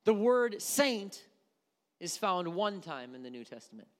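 A man's voice: high-pitched, big pitch swings, unhurried. A man from Wisconsin preaching a sermon as a pastor, emphatic and repeating key words for effect. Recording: long hall reverb.

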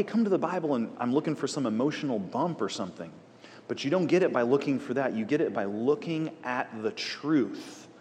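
A man leads a Bible study, praying and then teaching with casual, animated asides. His voice sits at a middle pitch. It rings out with a long reverb, as in a big hall. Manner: conversational, animated, jokey asides.

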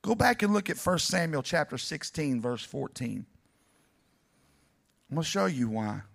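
A man preaches with a high, bright, forceful voice that carries a gravelly rasp. His delivery is dramatic and speaks straight to the congregation, and it rises toward near shouting. His pitch leaps widely across every phrase. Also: very animated, unhurried. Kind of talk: animated sermon.

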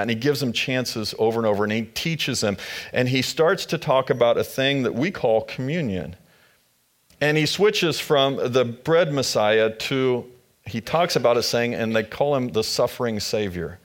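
A man's voice: medium pitch, animated, moderate pace. A man preaching a sermon as pastor, retelling scripture in casual, conversational storytelling.

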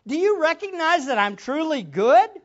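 A man's voice: very high voice, sing-song, moderate pace, dull audio. A man preaching a sermon as a pastor, emphatic, with much repetition for stress.

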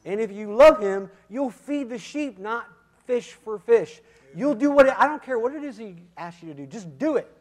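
A man giving a sermon testimony, swinging from quiet, intimate moments to loud, emphatic calls, with repeated "come on" and "listen". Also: very high-pitched, animated, normal speed. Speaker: guest speaker giving testimony.

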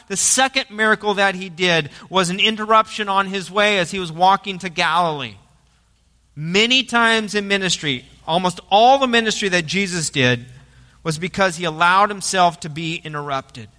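A man pastor preaching a sermon, emphatic, with loud dramatic quotes. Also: high-pitched, normal speed. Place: church sanctuary. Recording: church hall reverb.

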